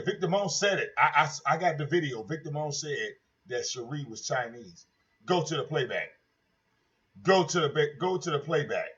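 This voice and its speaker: A high-voiced man holds forth on his own livestream in a brash, profane and mocking way, circling back over the same points. His voice comes through dull, lo-fi stream audio. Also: sharp tone. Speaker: livestream host. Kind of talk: casual livestream rant.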